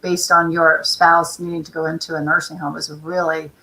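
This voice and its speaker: A woman's voice: sits low, flat delivery, a little fast, pushed and bright, poor audio. A woman hosting a talk show about senior care, speaking in a chatty, casual way with long run-on explanations. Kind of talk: casual interview chat.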